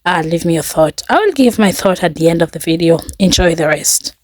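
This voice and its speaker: Low-voiced woman hosting her channel. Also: lively intonation, fairly quick, a little mellow, no room sound. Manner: friendly, repetitive, direct address. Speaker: channel host. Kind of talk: casual video introduction.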